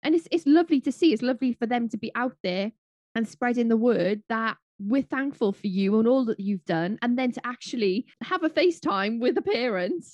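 A woman's voice: on the high side, lively intonation, brisk, a little mellow, no room sound. A woman co-hosting a casual chat show, gushing and chatty with fillers and laughs. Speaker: co-host.

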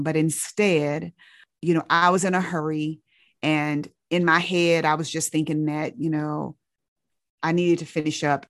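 Low woman, earnest storyteller, dry close sound, physician recounting a patient. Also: normal speed, no echo. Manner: earnest, searching, with many restarts. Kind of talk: reflective storytelling.

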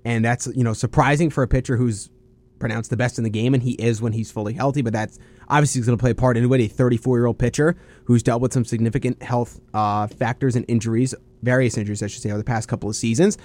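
A man's voice: medium pitch, steady tone, fast talker, a little mellow. A young man hosting a college radio sports talk show, speaking in a laid-back, rambling way with fillers and self-corrections.

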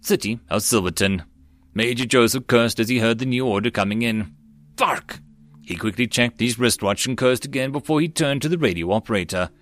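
With a medium-pitched voice and a fairly quick pace, a male narrator reads a web novel aloud as an audiobook. He voices all the parts himself, raising his voice for quoted lines.

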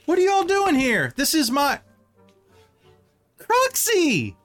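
A man's voice: extremely high pitch, huge pitch swings, slow pace, a bit bright, faint music behind, voice pushed up, full character voice. A man voicing a cheery, eccentric barefoot hermit woman who fusses over her guests. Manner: bubbly, flustered, gushing hospitality.

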